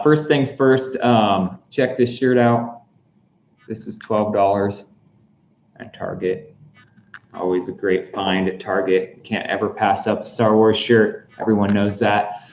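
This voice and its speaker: A man's voice: lowish voice, darkish tone, slight background noise. A man hosting a casual explainer vlog, chatty and full of fillers and jokey asides. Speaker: real estate explainer host. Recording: roomy, slightly dull recording.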